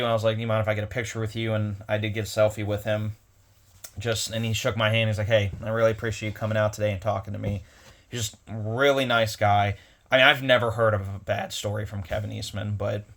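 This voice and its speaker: A man casually retelling a convention story on his vlog, rambling with many restarts. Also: fairly low pitch. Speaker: comic collector vlogger.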